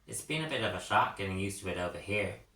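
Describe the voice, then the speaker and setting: Twanging American schoolgirl, a man voicing her, bright tone, roomy, distant. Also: fairly low pitch, animated, fast talker. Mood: chatty. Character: young American girl, chatty and casual. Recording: roomy echo, mic at a distance.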